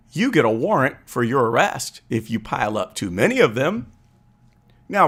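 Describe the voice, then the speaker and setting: A man from Chicago hosting a live stream, explaining political drama earnestly and acting out little scenes as he tells them. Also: fairly high pitch. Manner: earnest, storytelling with acted-out quotes. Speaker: political commentary host.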